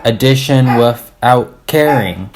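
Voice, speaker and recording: A man's voice: mid-range voice, takes it slowly, background noise, natural voice. A man voicing a firm, wisecracking woman teacher in a children's story.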